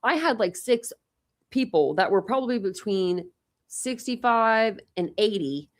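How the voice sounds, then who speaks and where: A woman's voice: mid-range voice, animated, a little slow. A talkative young woman hosting a casual panel chat, telling stories with lots of quoted voices. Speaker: channel host.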